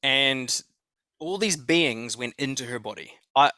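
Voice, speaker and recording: An Australian man telling a story as a podcast guest, excited and swearing freely, often restarting his sentences. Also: medium pitch, unhurried, no room sound. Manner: excited, profane, repeats himself. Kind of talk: conversational storytelling.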